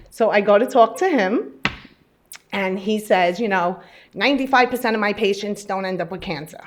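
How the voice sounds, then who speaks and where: A nervous, chatty woman tells her personal story to a live audience, acting out the conversations as she goes. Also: mid-range voice. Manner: chatty, animated storyteller who acts out dialogue. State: a little nervous. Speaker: patient speaking at an event.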